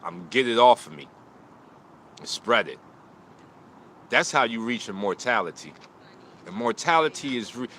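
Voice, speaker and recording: A martial arts teacher's lowish voice rings bright and forceful during an emotional live stream. Filmed outdoors on a phone, he talks about loss and motivation in short, sermonizing lines, and a little hiss or hum can be heard.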